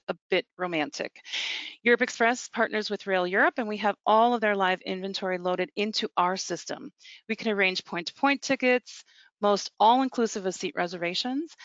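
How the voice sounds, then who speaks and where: A North American woman presenting for a travel company in a webinar, speaking in a brisk, salesy way with small slips. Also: medium pitch, fairly bright tone, no echo. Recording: dull lo-fi webinar audio.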